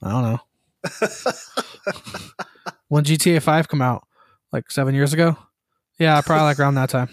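A man co-hosting a podcast, telling animated stories and often laughing. His voice is a bit higher than average. The recording is dry and close. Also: normal speed, long pauses, no echo. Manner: storytelling, animated, acts out quotes, laughs. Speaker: podcast co-host. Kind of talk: casual chat.

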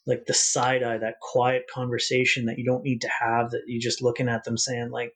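Husky man telling his story. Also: medium pitch, completely flat delivery, a bit bright. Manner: earnest, reflective, halting restarts. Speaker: guest. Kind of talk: personal storytelling in an interview.

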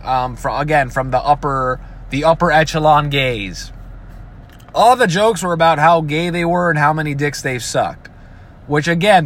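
A man's voice: fairly high pitch, fairly bright tone. A man ranting casually and profanely, often breaking into mocking imitations of other people. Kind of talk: casual rant.

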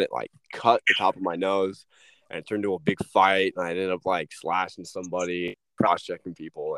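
Low-voiced young man telling stories. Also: fairly bright tone, no room sound. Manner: rambling, restarts, lots of "like" and swearing. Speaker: podcast guest, former hockey player. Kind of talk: casual storytelling.

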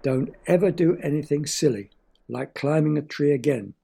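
A man's voice: on the high side, normal speed, vocal fry, warm tone, breathy edge. Man doing a moaning, scolding pilot. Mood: weary. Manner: moaning, finger-wagging. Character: weary male helicopter pilot, scolding.

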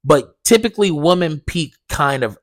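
A young man hosting a podcast, telling a dream story in a casual, animated way, swearing a lot and acting out the dialogue. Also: fairly high pitch, moderate pace. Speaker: podcast host.

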